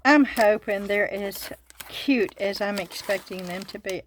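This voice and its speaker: A woman's voice: medium pitch, a little slow, very noisy. An older woman with a Southern US accent, hosting a casual craft unboxing and chatting to her viewers with frequent giggles. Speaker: craft channel host.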